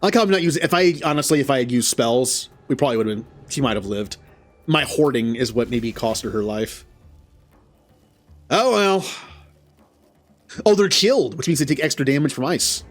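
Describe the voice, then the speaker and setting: A man giving casual gameplay commentary. He talks to the characters on screen and yelps loudly at setbacks. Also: medium pitch, expressive, normal speed, long pauses, soft background music. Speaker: gaming channel host.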